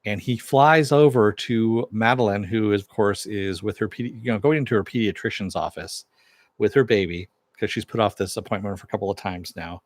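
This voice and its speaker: A man's voice: fairly low pitch, fairly quick, dry recording. A man giving a casual recap of a TV episode, retelling it loosely with fillers and asides. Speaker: TV episode reviewer.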